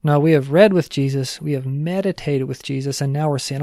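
A man gives an earnest, conversational Bible teaching, his voice sitting a little high for a man. He keeps posing questions to his listeners, and the sound is dry and close with no room echo. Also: brisk, hardly any pauses, mellow. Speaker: pastor teaching discipleship. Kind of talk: sermon-style teaching.

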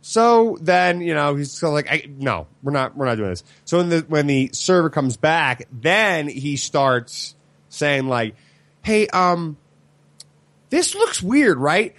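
Lively man acting out quotes. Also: a little high, unhurried, no room sound. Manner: lively, acts out quotes with shifting voices. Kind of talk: casual storytelling chat.

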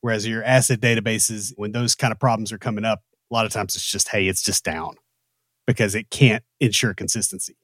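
A man's voice: on the low side, steady tone, fast, few pauses, a bit bright, no room sound. A man with a Southern US accent, co-hosting a casual technical talk with dry joking asides. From American South. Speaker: podcast co-host.

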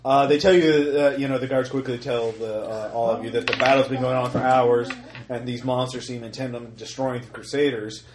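A man running a tabletop role-playing game as dungeon master, narrating a battle scene with many halting fillers. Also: mid-range voice, little pitch movement, crowd noise. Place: room around a gaming table. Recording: echoey room, faint noise.

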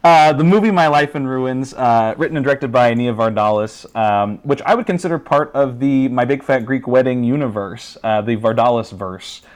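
A man's voice: mid-range voice, normal speed, hardly any pauses. Laid-back rambling podcast guest, man. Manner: relaxed, rambling with many fillers. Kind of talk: casual podcast chat.

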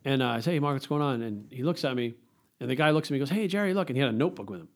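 A middle-aged man, a fitness coach, chatting as a podcast guest and telling stories in a quick, profane, animated way. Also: mid-range voice. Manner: fast, profane storytelling. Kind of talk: casual interview chat.

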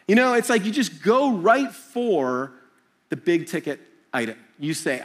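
Animated middle-aged male preacher. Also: sits high, a little slow. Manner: animated, jokey storytelling with acted-out voices. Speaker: pastor. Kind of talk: sermon.

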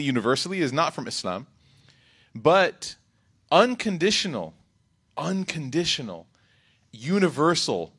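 A man giving an Islamic reminder talk in a lively, rhetorical way, breaking into quick Arabic recitation. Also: a little high. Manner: animated, rhetorical, acts out quotes. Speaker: religious speaker.

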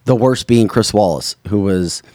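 A man hosting a casual political talk podcast, blunt and opinionated, rattling off quick asides. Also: on the low side, dark tone, dry recording. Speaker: podcast host.

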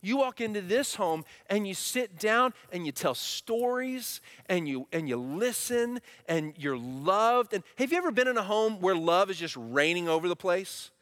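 A man in his thirties preaching a sermon, animated and asking the congregation questions. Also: high-pitched, normal speed, few pauses. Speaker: pastor. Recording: long hall reverb.

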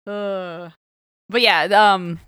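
This is a woman co-hosting a podcast and talking casually through a comic story. She laughs often, swears without thinking, and jumps into quick acted quotes. Her voice is smooth and clear, recorded dry and close. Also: fairly low pitch, steady tone, sharp tone, dry recording. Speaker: podcast co-host. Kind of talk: casual chat about a comic book.

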